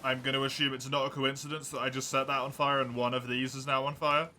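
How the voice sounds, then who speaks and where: Male streamer, live game commentary, chatty, very bright tense voice. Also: mid-range voice, little pitch movement, fast talker, a little hiss or hum. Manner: chatty, reacts aloud and answers chat.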